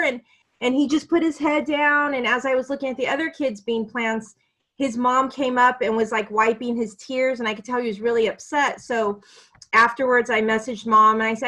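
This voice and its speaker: A woman's voice: fairly high pitch, steady tone, moderate pace, fairly bright tone. A woman teacher on a video call, telling a heartfelt story in an earnest, emotional way.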